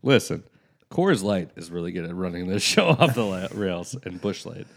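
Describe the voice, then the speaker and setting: A man's voice: low voice, sing-song, moderate pace, gravelly. A man co-hosting a casual show, teasing his co-host playfully. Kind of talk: casual chat.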